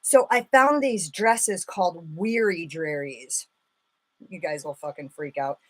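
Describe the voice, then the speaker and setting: A woman's voice: lowish voice, a little slow. A woman hosting a casual makeup live stream, rambling and swearing freely, full of filler words. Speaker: makeup livestream host.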